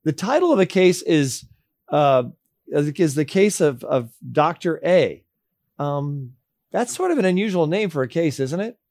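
Deliberate male host, dry close sound. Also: a little high, expressive, a little mellow, no echo. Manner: deliberate, hesitant with fillers and repeats. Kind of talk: interview questions and commentary.

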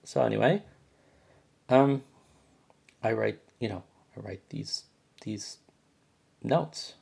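Gravelly husky man telling a grievance. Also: lowish voice, slow pace, darkish tone. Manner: rambling, repeats and restarts words; agitated, complaining. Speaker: podcast host. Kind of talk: personal storytelling monologue.

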